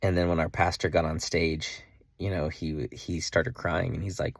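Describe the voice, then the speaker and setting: A man's voice: low-pitched, fairly even intonation, normal speed, vocal fry, husky, dry recording. A young man earnestly telling a personal faith story in a casual vlog, with lots of "like" and restarts. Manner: earnest, emotional, full of "like" and restarts. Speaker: vlogger.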